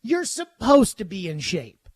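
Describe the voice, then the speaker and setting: A man's voice: sits high, huge pitch swings, measured pace, dry recording. A man hosting a sports talk radio show, ranting emphatically with jokes.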